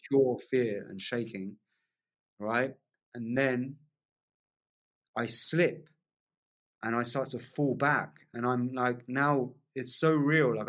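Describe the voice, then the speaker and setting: A man telling a long personal story as a podcast guest, in a lively casual way, often asking "right?" along the way. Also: medium pitch. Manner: animated storyteller, frequent "like" and "right?" tags.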